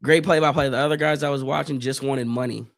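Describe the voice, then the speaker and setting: A man from Northeast Ohio hosting a live stream, calling football plays and chatting casually in slangy talk, his voice a little worn and clearing his throat often. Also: mid-range voice, steady tone, quick pace, no echo, studio quality. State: losing his voice a bit. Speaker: livestream host doing play-by-play. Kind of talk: casual live play-by-play and chat.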